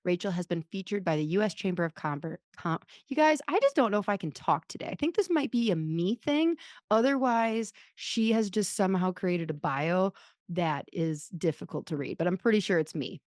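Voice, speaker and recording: A woman's voice: on the low side, animated, normal speed, darkish tone, no room sound, studio quality. A woman in her thirties hosting a podcast, telling stories in a rambling, self-deprecating casual chat. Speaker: podcast host.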